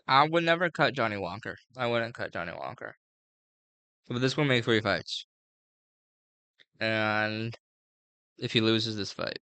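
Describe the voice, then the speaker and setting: Bright, clear-voiced man rambling casually. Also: fairly low pitch, no room sound. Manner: rambling, filler-heavy, slangy. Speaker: MMA fight previewer. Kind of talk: casual fight breakdown.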